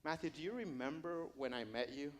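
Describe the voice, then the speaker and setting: A man's voice: a little high, animated, normal speed, natural voice. Man voicing Jesus, earnest and searching. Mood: tender. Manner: searching repeated questions, swelling to urgent. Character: Jesus, earnest teacher pleading with his disciple.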